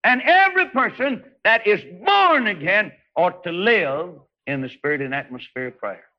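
A man preaching a revival sermon, swinging between hushed storytelling and high, shouted exclamations. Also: big pitch swings, moderate pace. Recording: dull lo-fi old sermon recording.

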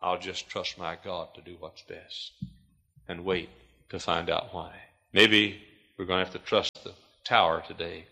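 A man preaching a sermon as pastor, swinging from hushed, quiet lines to loud, shouted climaxes. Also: sits low, level tone, measured pace, gravelly.

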